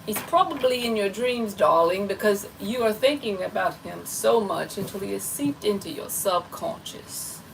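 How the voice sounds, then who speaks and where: A woman's voice: medium pitch, normal speed, gravelly, few pauses, background noise. Chatty woman tarot reader, slightly distant. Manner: chatty and playful, self-described goofy. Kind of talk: live tarot reading.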